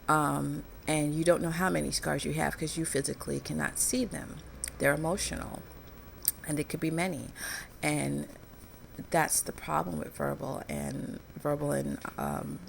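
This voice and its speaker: A woman's voice: sits low, creaky, slight background noise. A woman vlogging in a candid personal commentary, telling a story in a frank, earnest way.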